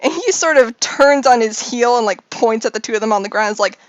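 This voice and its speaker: A woman's voice: on the high side, fast talker, dry recording, highs cut off. A woman narrating a tabletop game as game master, rambling through descriptions with many fillers.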